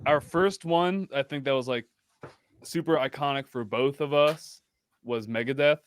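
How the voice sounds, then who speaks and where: A man's voice: mid-range voice, moderate pace, a little hiss or hum. A man guest on a podcast chatting casually, rambling with lots of "like" and "um". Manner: rambling, full of "like" and "um". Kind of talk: casual chat.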